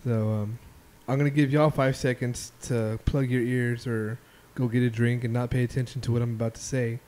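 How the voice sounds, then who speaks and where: A man hosts a casual podcast, retelling stories in a loose, profane ramble. His voice sits in a middle pitch with a mellow, relaxed tone. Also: moderate pace. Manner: loose, profane storytelling with filler ums. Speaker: podcast host. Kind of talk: casual chat.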